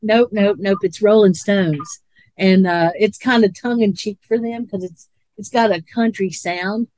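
A woman's voice: mid-range voice, steady tone, unhurried, a little mellow, no room sound. A woman co-hosting a podcast in casual chat, rambling and laughing a lot. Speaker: podcast co-host.

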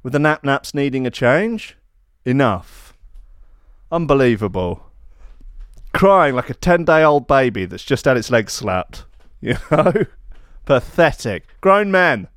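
Brief: male podcast host, sarcastic and theatrical, lively swooping voice, slightly high, dry close mic. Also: slow pace, pauses often, no echo. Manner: sarcastic, mock-outraged, theatrical. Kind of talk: comedic monologue.

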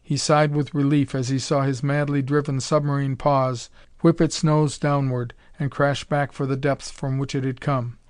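Steady male audiobook narrator, dry sound. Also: mid-range voice, moderate pace, no room sound. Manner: steady storytelling.

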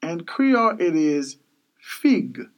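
A man hosting a podcast language lesson, repeating each word several times in a slow, animated way. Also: medium pitch, low-quality recording. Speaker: language teacher, podcast host. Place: Miami.

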